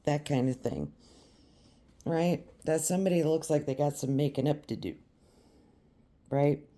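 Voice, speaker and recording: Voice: medium pitch, unhurried, dark tone. A tarot reader giving a reading straight to the viewer, emphatic and repetitive. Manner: emphatic and repetitive, speaking directly to the listener.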